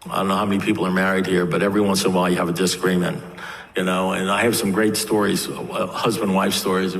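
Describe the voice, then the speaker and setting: A man's voice: deep voice, flat delivery, fast, vocal fry, a bit bright. Older man telling wry stories in echoey hall. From United States. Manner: wry, self-mocking humor. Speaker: recovery meeting speaker. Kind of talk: personal storytelling talk. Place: meeting hall. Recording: echoey hall with faint background noise.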